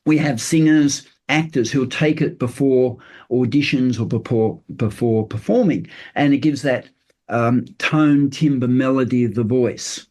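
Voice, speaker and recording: An older man appears as a guest on a podcast, speaking earnestly in casual interview chat. His medium-pitched voice is a little mellow, and his loose explanations are dotted with filler pauses and restarted sentences.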